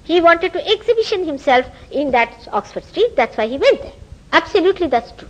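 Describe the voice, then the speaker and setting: A woman's voice: extremely high pitch, a little fast, muffled recording. A woman from India with an Indian accent, giving a public spiritual talk as a teacher, telling stories and asking rhetorical questions. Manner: animated storytelling with rhetorical questions. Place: meeting house hall.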